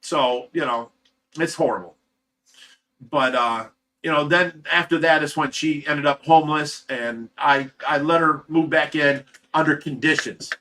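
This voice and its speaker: A middle-aged man from Ohio talks on a casual livestream, with a rather high voice and a bright, forceful edge. He tells his story in a candid, rambling way, often restarting his sentences. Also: fairly even intonation, a little slow, a little hiss or hum. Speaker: livestream host.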